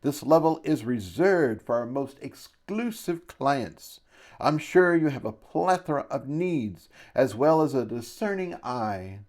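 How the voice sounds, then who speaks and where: A man's voice: medium pitch, a little mellow, voice pushed up, natural voice. A man voicing a fat, pompous male shopkeeper avatar who gushes and blusters in an audiobook. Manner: effusive, blustering. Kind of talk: audiobook character voice.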